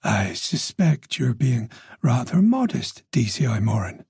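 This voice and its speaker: Casting: a playful, gossipy older woman with a faint Dublin lilt, read by a man, gravelly and husky. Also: mid-range voice, big pitch swings, measured pace, darkish tone, no room sound, studio quality, heavily acted. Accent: faint Dublin Irish. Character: chatty older Dublin-born village woman.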